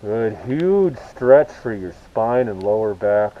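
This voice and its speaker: A man teaching a beginner yoga class, calling out poses and breaths in relaxed, encouraging cues with casual asides. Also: on the low side, slow pace, highs cut off. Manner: relaxed, encouraging cueing with self-aware asides. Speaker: yoga instructor. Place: outdoors with rain and hummingbirds about.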